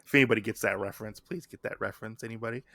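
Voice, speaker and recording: A young man co-hosting a casual podcast chat, recapping a comic with animated delivery and acting out the characters' lines. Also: fairly low pitch, rapid-fire, gravelly. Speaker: podcast co-host.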